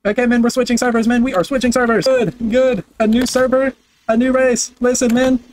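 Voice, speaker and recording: A man giving loud, excitable gameplay commentary, full of brash trash talk, swearing and repeated barked commands. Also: very high voice, fairly quick, a little hiss or hum. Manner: barks repeated commands and chants. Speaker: gaming video creator.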